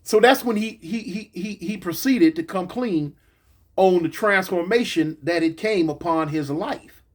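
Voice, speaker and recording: Animated high-voiced man telling stories. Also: measured pace. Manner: animated, acts out the voices of others in the story, many fillers and repeats. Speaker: former gang member telling prison stories. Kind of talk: casual storytelling.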